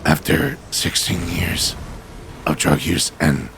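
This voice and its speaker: A man voicing a grizzled male army veteran with a very low, gravelly, slow growl. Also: fairly bright tone, slight background noise, full character voice. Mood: gruff.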